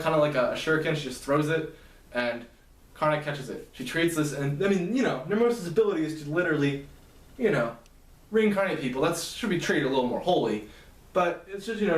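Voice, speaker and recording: A man's voice: a little high, a bit bright. Rambling man recapping a story. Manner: rambling, self-amused, full of fillers and asides. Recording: echoey room, mic at a distance.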